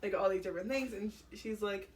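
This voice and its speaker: A podcast co-host in casual chat, talking quickly and bluntly and swearing freely. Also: mid-range voice, far from the mic.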